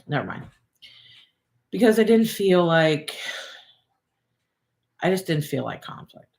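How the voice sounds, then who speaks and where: A woman's voice: fairly low pitch, animated, a little slow, creaky, darkish tone. A woman co-hosting a relationship talk, telling a personal story in a candid, casual way and repeating phrases as she thinks aloud. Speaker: relationship coach and co-host.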